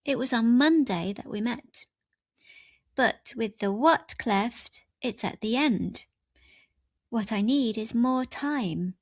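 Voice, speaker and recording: A woman's voice: a little high, animated, takes it slowly, dry recording. A woman teaching an English grammar lesson, walking through example sentences step by step.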